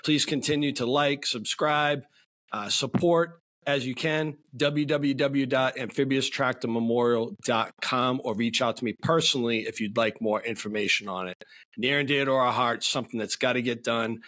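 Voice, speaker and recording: Podcast host, middle-aged man, New England accent, upbeat casual chat, average pitch. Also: steady tone, normal speed, fairly bright tone. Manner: upbeat, folksy, uses "wicked" and "brother".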